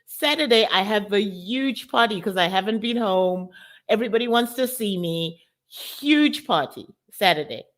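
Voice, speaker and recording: A woman from South Africa gives a candid, emotional personal testimony to an online summit audience. Her voice sits at a medium pitch for a woman. She speaks directly to her listeners, often calling them guys. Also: animated, moderate pace, fairly bright tone. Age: adult with college-age daughter.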